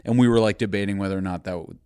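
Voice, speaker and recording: A man co-hosting a podcast, talking about a show in an enthusiastic, animated way. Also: low voice, very fast. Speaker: podcast co-host. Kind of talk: casual chat.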